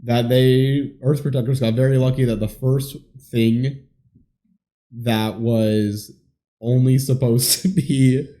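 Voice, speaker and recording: Man, podcast co-host, warm mellow voice, laid-back, dry humor, casual recap. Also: medium pitch, steady tone, slow. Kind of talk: casual chat recapping a movie.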